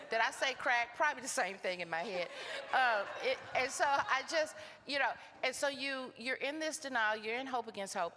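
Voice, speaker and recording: A woman with a Texan accent giving a keynote talk, telling her story in an animated way and acting out the dialogue. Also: mid-range voice, a little hiss or hum. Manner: animated, acts out quoted dialogue. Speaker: keynote speaker. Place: conference hall. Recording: reverberant hall.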